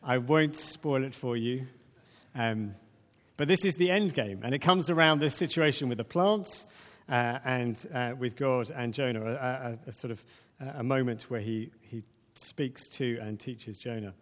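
A man preaching a sermon in a conversational, animated way, with many restarts. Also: medium pitch, unhurried. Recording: long reverb of a large hall.

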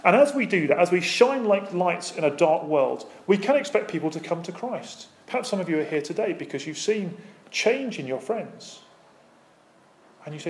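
A male pastor delivering a sermon, his voice sitting a little higher than most men's. He preaches with emphatic, rising and falling intensity. He keeps asking the congregation rhetorical questions. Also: lively intonation, normal speed, a little mellow, a little hiss or hum.

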